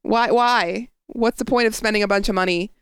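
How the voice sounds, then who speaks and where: A woman's voice: mid-range voice, moderate pace, clean tone, no room sound, studio quality. A woman co-hosting a casual chat show, blunt and opinionated. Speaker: podcast co-host.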